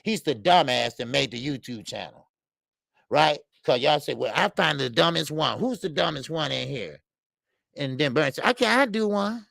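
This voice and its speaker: Gravelly, profane man ranting on a livestream. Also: medium pitch, normal speed, a bit bright, no echo. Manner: blunt, profane, repetitive, heated. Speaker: boxing livestream host. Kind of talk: heated livestream rant.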